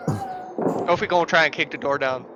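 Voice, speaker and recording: A player in a tabletop game, speaking in a quick, matter-of-fact way while declaring actions. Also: medium pitch, wildly swooping pitch, fairly bright tone, a little hiss or hum. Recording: dull lo-fi stream audio. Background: background music.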